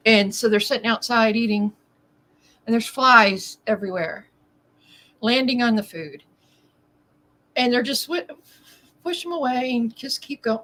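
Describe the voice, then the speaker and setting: A woman co-hosting a casual chat, expressive and quick to laugh, with a husky voice. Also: fairly high pitch. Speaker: podcast co-host.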